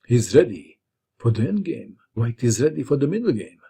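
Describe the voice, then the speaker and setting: A man's voice: medium pitch, normal speed, vocal fry, breathy edge. A man narrating a chess game move by move, with playful asides, as host of a chess lesson channel. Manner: lively, playful move-by-move commentary.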